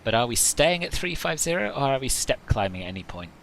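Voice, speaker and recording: Lively, bright-voiced man streaming. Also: mid-range voice, fast, gravelly, a little hiss or hum, poor audio. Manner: chatty and joking, laughs often at himself. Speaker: flight simulator streamer. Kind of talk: casual live-stream commentary.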